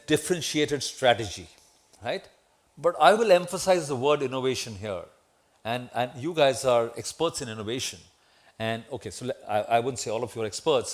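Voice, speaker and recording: A middle-aged man with an Indian English accent gives a lecture in an auditorium, asking the audience questions and tagging lines with "right?". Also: mid-range voice. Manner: conversational, asks the audience questions, tag "right?". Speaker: guest lecturer. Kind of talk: memorial lecture to students.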